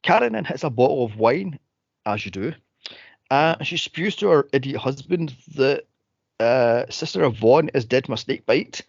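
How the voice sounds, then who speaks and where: A man co-hosting a podcast, recapping a movie in casual chat with an exasperated, animated manner. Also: medium pitch, normal speed, gravelly, no echo. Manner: exasperated, animated retelling with frequent exclamations. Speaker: podcast co-host. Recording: dull, lo-fi dry recording.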